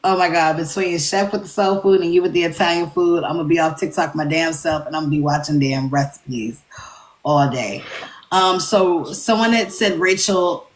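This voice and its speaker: Low-voiced chatty woman interviewer. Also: moderate pace. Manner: chatty, emphatic, laughs easily. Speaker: livestream interviewer. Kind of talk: casual live interview.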